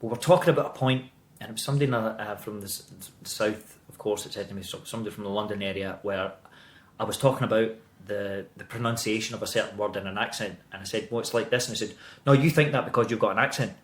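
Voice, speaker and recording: A Scottish actor in his thirties chatting as a podcast guest, animated and swearing freely as he tells stories. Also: lowish voice, quick pace, echoey room. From Scotland. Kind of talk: casual interview chat.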